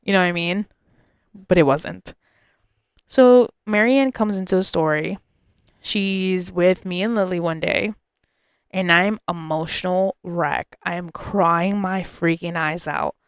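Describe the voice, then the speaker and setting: A woman's voice: lowish voice, a little slow, clear, resonant tone, no echo, clean studio sound. A woman hosting a podcast, telling a personal story in an emotional, confiding way and often repeating herself. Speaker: podcast host.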